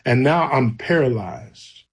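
A man's voice: mid-range voice, animated, slow, husky. A man, a guest, earnestly telling his personal faith testimony in a conversation. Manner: storytelling, earnest and emphatic.

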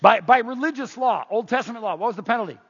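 A man preaching a sermon in an animated way, full of rhetorical questions, in a dull, echoey hall recording. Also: very high-pitched, quick pace, husky. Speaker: pastor.

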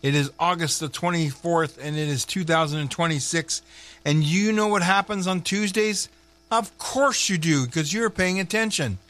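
Man, local radio host: chatty, wry asides, bright and forward tone. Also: a little high, normal speed. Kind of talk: casual radio chat with announcements.

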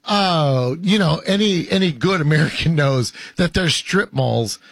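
A man's voice: on the high side, expressive, unhurried, gravelly, dry recording. A man hosting a casual sports talk show, rambling with lots of fillers and laughs. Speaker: host.

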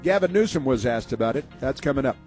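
A man's voice: mid-range voice, expressive, quick pace, a little mellow, soft background music. A man hosting a political talk radio show, mocking and rambling with lots of fillers.

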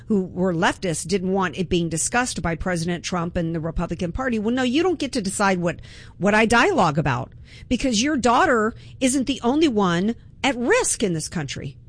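A woman's voice: medium pitch, lively intonation, moderate pace. A woman hosting a political talk radio show, delivering an impassioned, emphatic monologue with frequent restarts.

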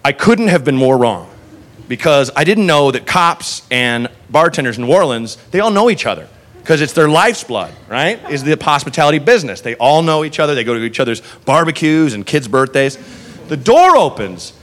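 A male stand-up comedian telling a story, animated and swearing, with quick asides. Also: a little high.

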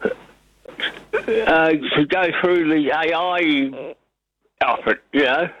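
A man calling in to a talkback radio show, talking in a halting, hesitant way over the phone. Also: a little high, no echo. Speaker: radio caller. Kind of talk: talkback call-in. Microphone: telephone. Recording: dull muffled phone line.

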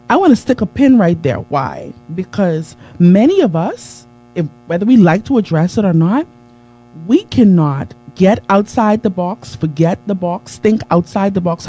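A woman's voice: medium pitch, dark tone, rough recording. A woman giving a live-streamed motivational talk in an emphatic, preacher-like way, greeting viewers as she goes. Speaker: motivational speaker.

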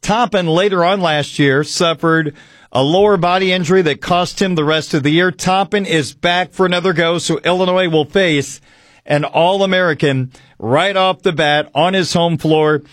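Male sports radio host, folksy and conversational, slightly high voice, dry studio mic. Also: fairly bright tone, no echo. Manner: folksy, conversational, drawn-out emphasis on key words. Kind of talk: radio sports talk monologue. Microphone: studio microphone.

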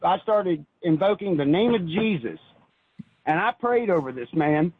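A man's voice: high voice, lively intonation, a little slow, a little hiss or hum. A man calling in to a talk show who tells his story earnestly and at length, often repeating words when he is stirred up. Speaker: caller. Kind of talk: emotional call-in storytelling. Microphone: phone. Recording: tinny phone line.

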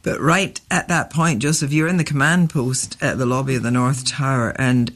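A man hosting and narrating, asking steady, measured questions. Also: medium pitch. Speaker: host. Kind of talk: documentary narration and interview.

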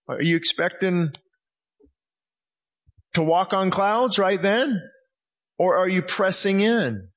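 A man's voice: high voice, measured pace, pauses often. A man preaching a sermon as pastor, impassioned, acting out the voices he quotes.

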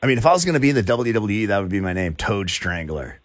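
A man's voice: lowish voice, sing-song, very fast. A man from Florida hosting a morning radio show, chatting with callers in a joking, teasing way. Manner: joking, teasing, laughs easily. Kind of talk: casual radio talk with callers.

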